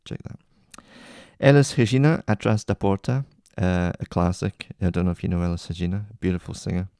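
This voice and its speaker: A man hosting a music playlist video, chatting casually through a track-by-track rundown with relaxed, enthusiastic asides. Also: low voice, brisk, vocal fry, smooth, no echo, clean studio sound.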